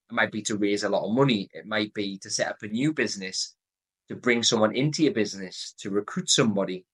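A podcast host from North East England with a Geordie accent explains a decision method in a solo advice episode, coaching earnestly and repeating the key points. His voice runs low, fairly bright and husky, and the audio is poor.

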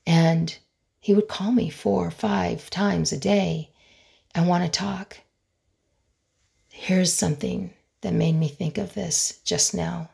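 A middle-aged woman hosting a solo podcast as a conflict resolution expert, speaking in an earnest, emphatic way with dramatic pauses. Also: on the low side, steady tone, vocal fry, mellow, slightly rough.

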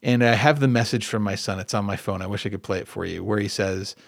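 Gravelly man telling a podcast story. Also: on the low side, quick pace, no echo, studio quality. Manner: conversational, rambling with self-corrections. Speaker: podcast host. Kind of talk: casual storytelling monologue. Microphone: podcast microphone at computer.

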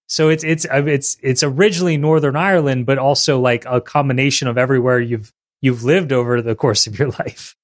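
A man hosting a podcast interview, asking questions in a relaxed, friendly, casual way. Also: medium pitch, a little fast. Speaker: podcast host.

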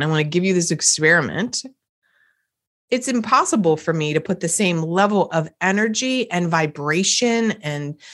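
A middle-aged woman hosting a motivational podcast, talking emphatically and acting out example phrases. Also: fairly low pitch. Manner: energetic, emphatic, acts out phrases. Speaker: podcast host, coach.

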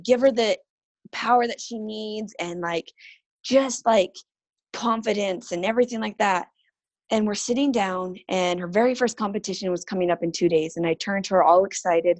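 A woman in her thirties, a podcast guest, telling personal stories in an earnest, animated way and acting out quoted voices. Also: medium pitch, dry recording. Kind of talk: casual interview talk.

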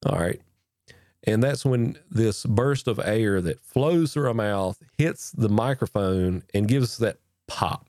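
With a low, mellow voice and lively intonation, a man slowly teaches mic technique in a casual talk to camera, a podcast host covering audio gear. Folksy in manner, he repeats and restarts while demonstrating on a foam-covered boom-arm mic near his face, in studio-quality sound with no echo.

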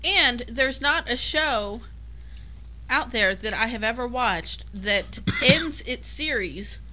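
Bright-voiced teasing woman co-host. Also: fairly high pitch, animated, slow pace, low-quality recording. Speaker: podcast co-host. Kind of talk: casual chat.

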